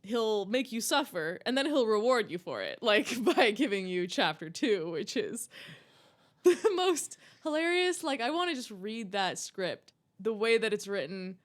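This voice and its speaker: A woman's voice: medium pitch, lively intonation, moderate pace, few pauses. Enthusiastic woman co-hosting a podcast. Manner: enthusiastic, laughing, fillers like "like". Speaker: podcast co-host. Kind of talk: casual movie podcast chat.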